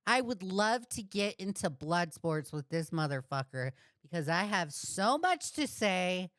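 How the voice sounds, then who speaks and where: A woman with a lower, smooth voice talks through her reactions at a slow pace. Her commentary is blunt and laced with swearing. The sound is close and dry. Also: very animated, fairly bright tone, dry recording. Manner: blunt, profane, heated. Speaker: reaction streamer.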